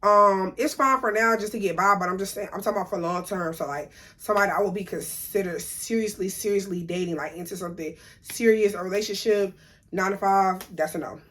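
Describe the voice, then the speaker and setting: A woman's voice: medium pitch, brisk, fairly bright tone. A young woman, talking casually to camera, blunt and opinionated, repeating her points for emphasis. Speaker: vlogger.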